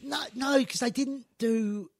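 A man telling lively stories in casual chat, acting out quotes, swearing and laughing. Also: very high-pitched, takes it slowly. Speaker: podcast guest storyteller.

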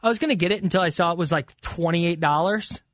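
A man's voice: a little high, quick pace, fairly bright tone, no echo. A man co-hosting a sports radio show, joking and reacting with disbelief. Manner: joking, incredulous. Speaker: radio producer and co-host.

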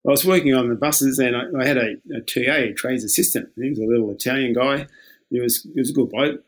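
A former lifeguard from Australia, an older man, tells laid-back stories at a quick pace in a medium-pitched voice. He often chuckles and voices the quoted exchanges as he recounts them.

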